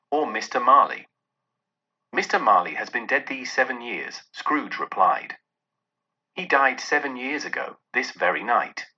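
A man reads a classic story aloud, voicing every exchange of dialogue with plenty of rise and fall. His voice is very bright but husky. The recording sounds dull and lo-fi. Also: medium pitch. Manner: lively expressive reading with voiced dialogue. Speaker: narrator. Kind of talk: audiobook reading.

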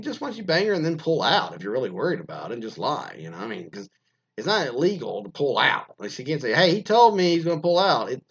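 Lively husky man riffing crudely. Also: fairly low pitch, lo-fi sound. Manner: crude, joking, rambling, laughs often. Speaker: podcast host reading anonymous stories. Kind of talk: casual comic commentary.

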